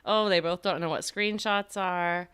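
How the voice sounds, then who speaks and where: Thirties woman co-host, low voice, very smooth and bright, dry wry asides. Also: fairly even intonation, measured pace. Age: 30s. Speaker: podcast co-host. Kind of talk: casual recap chat.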